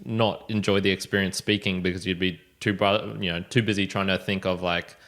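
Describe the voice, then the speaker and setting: A man hosting a casual podcast in a very deep voice. He talks in a relaxed, unhurried way and often pauses on fillers. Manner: relaxed, hesitant, with many fillers and restarts. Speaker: podcast host.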